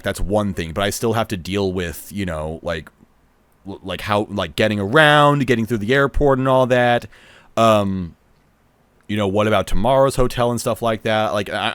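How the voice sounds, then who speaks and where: A young man tells a long personal story in a loose, rambling way, full of "like" and false starts. His voice sits low and sounds smooth and clear. The recording is dry and close, with no room sound. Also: a bit bright, no room sound. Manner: rambling, lots of fillers and restarts, nervous laughs; acts out others' lines in quoted voices. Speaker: vlogger recounting a festival trip. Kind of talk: casual storytelling to camera.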